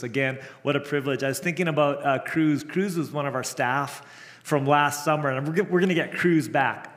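A middle-aged man, a camp director, preaching with earnest storytelling and frequent restarts. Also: mid-range voice. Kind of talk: sermon. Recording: long hall reverb.

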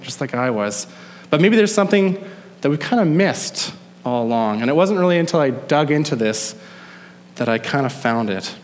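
A male pastor preaching a sermon, emphatic, slowing down to stress key phrases. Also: a little high, in a large hall, slight background noise. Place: church sanctuary.

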